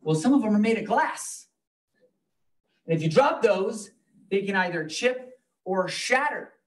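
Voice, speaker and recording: A man's voice: sits high, expressive, a little slow, recorded from a distance. Chatty man teaching a class, off-mic. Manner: loose and chatty, joking with the class. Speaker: real estate trainer. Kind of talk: live classroom training talk. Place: training room with a live class.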